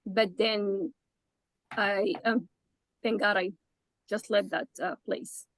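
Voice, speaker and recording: A woman participant in a webinar, sharing a personal account hesitantly, with many pauses and restarts. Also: mid-range voice, fairly even intonation, dry recording, low-quality recording.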